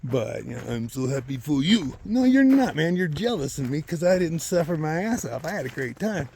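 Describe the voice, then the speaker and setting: A man telling a story outdoors on a hiking trail, ranting and swearing in a loose, animated way that swings from loud outbursts to muttered asides. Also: on the high side, a little fast, creaky, a little hiss or hum. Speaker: long-distance thru-hiker vlogger. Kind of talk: casual storytelling.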